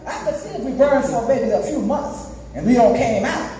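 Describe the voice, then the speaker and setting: A woman's voice: high voice, animated, moderate pace, hardly any pauses, dark tone, a little hiss or hum. A woman evangelist preaching a sermon, emphatic, half-singing phrases and calling out to the congregation. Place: church sanctuary. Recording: echoey church hall from far off.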